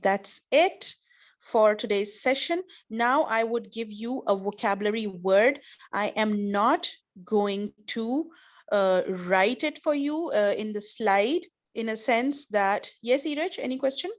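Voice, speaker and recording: A woman's voice: fairly high pitch, expressive, slow pace. A woman teaching an online class, explaining patiently with repeated examples. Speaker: English teacher.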